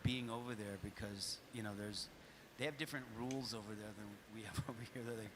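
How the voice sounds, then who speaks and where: A man's voice: on the low side, steady tone, quick pace, background noise. A man talking casually on a convention panel, stumbling through restarts and sometimes swearing. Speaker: show creator on a panel. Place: convention hall stage. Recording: panel audio with crowd behind.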